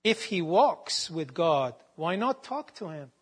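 Guy with a highish voice doing a slow bible talk, reads verses and cites chapter and verse. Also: sing-song, slightly rough. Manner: measured, quotes scripture verses with references. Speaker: Bible teacher. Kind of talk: slow devotional Bible teaching.

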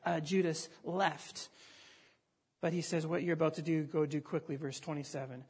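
A male pastor preaching a sermon in an animated, conversational way, often restarting his sentences. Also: high voice, breathy edge.

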